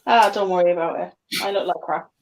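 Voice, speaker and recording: A woman's voice: lowish voice, fairly even intonation, fast talker. A bubbly woman chatting and teasing on a casual live stream call. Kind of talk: casual chat. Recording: dull lo-fi call audio with noise.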